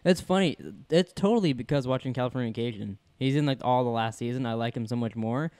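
A relaxed man chatting on a podcast, laughing easily and tossing in quoted lines from scenes. The recording is dry and close with no room sound, and his pitch sits in the middle. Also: quick pace, clean tone, no room sound. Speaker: podcast co-host. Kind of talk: casual chat recapping a TV episode.

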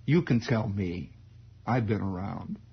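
A man voicing a stern middle-aged father who coaxes his son in a low, soft, insistent voice. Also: lively intonation, measured pace, gravelly, slight background noise. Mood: coaxing. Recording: dull old radio broadcast.

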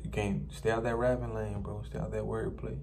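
Man from New Orleans, low gravelly voice, casual reaction talk, noisy recording. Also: a little fast. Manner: relaxed, talks to viewers, repeats lines he likes. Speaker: music reaction host.

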